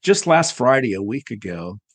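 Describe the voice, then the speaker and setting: A man hosting an interview show, talking haltingly and searching for words with many fillers. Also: medium pitch, big pitch swings, no room sound. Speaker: podcast host. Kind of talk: conversational interview.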